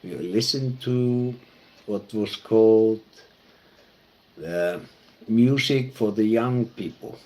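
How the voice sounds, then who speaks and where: A man from Iceland with an Icelandic accent, a pastor telling personal stories in a halting, reflective way. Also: lowish voice, warm tone. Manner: halting and reflective, with many fillers and restarts. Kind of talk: personal storytelling talk.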